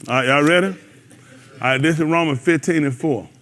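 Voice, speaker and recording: A man leads a Bible class in a loose, joking way, teasing his listeners and laughing between points. His voice sits a little high for a man. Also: a little fast, a bit bright. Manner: banters loosely with the congregation, laughs often. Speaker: teacher leading a Bible study.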